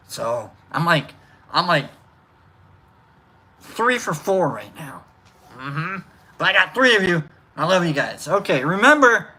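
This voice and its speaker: A woman's voice: low-pitched, bright, forceful tone. A woman co-hosting a livestream, casually reading out chat names with rambling, playful asides and sudden whoops. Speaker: livestream co-host.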